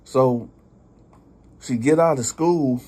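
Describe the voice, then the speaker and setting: A male storyteller narrating in a relaxed, conversational way, with plenty of "you know" filler. His voice is dark and mellow with a husky edge. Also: medium pitch, slow pace. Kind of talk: casual spoken storytelling.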